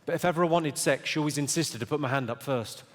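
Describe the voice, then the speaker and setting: A man doing stand-up comedy, deadpan and brisk, teasing people in the audience from a theatre stage. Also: fairly high pitch. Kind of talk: stand-up comedy with crowd work. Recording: echoey theatre hall, loud audience.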